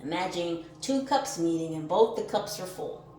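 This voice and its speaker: Animated woman giving a spiritual card reading. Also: lowish voice, normal speed. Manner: shifts from calm musing to loud fired-up exclaiming; reads affirmations aloud, laughs and swears casually. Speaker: tarot reader. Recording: echoey room with faint music behind.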